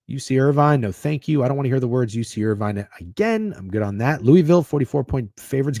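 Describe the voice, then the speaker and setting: A man rambles his way through a casual sports betting stream, sarcastic and swearing freely. His pitch swings up and down with lots of life. The sound is dry and close, with no room echo. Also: expressive, fast talker, hardly any pauses, dark tone. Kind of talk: casual livestream chat.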